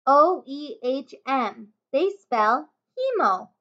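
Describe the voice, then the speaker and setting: A woman's voice: high-pitched, sing-song, slow, pushed and bright, full character voice. Lady doing a nervous little boy, stammers, raised voice, muffled sound. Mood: anxious. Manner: worried, stammering. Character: anxious young boy, bookish and careful. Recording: dull lo-fi home recording.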